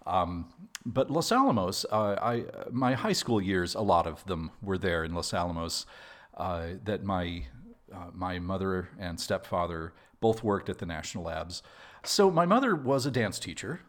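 A man from New Mexico, a podcast guest talking about his upbringing in a measured way. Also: deep voice, expressive, fairly bright tone. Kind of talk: casual interview.

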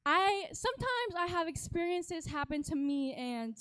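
High-voiced, dramatic young woman speaker. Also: a little slow, dry recording. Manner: animated, dramatic, exaggerating for laughs. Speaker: worship leader giving a talk. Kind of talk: humorous storytelling talk to a congregation. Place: church stage.

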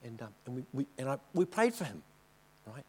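A man's voice: medium pitch, big pitch swings, brisk, a little mellow, husky. Chatty man telling a mission story. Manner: chatty, keeps checking in with the audience. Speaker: missionary speaker. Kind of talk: informal church talk with slides.

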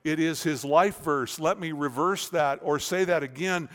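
A man preaching an expository sermon, swinging between forceful stressed words and quiet, searching questions. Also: on the high side, moderate pace. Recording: long reverb of a large hall.

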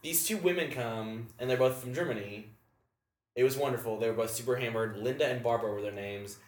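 A man's voice: medium pitch, fairly quick. A man telling crude, rambling stories in casual comedic podcast chat, acting out what people said. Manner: crude, rambling storyteller who acts out quotes. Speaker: podcast guest. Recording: echoey room with crowd noise.

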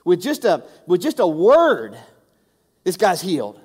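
A male pastor with a high-pitched voice gives a conversational sermon, doubling back on words as he presses each point. His voice carries a long reverb from a large hall. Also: wildly swooping pitch, unhurried, husky. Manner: conversational, repeats words when emphasizing.

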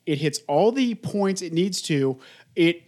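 A man's voice: sits high, expressive, a little slow, darkish tone. A man chatting casually about films, rambling with many filler words. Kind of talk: casual film discussion.

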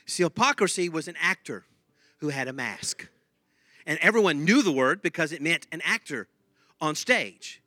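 A man preaching a sermon, animated, repeating himself and laughing now and then. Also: on the high side, moderate pace, dry recording, studio quality. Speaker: pastor.

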